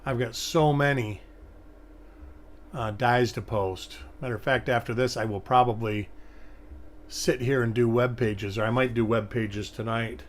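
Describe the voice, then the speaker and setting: Relaxed man hosting a coin livestream. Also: medium pitch, measured pace. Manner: relaxed, rambling, thinking aloud. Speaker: coin hunting livestream host. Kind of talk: casual live commentary.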